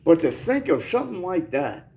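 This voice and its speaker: A man's voice: fairly high pitch, very animated, normal speed, mellow. Coughing man rambling with nervous laughs. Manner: rambling, laughs nervously through serious talk, slangy. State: coughing, recovering from an illness. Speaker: channel host. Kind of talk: casual monologue to camera.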